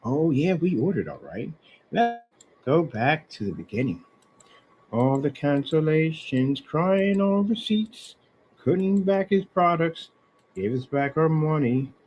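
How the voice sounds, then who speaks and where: An online seller rants about a customer in a mocking, sarcastic way, going over emails and receipts while speaking straight at the person he's angry with and repeating things scornfully. His slightly high, somewhat mellow voice is expressive and slow. Faint music plays behind him, and the audio is poor.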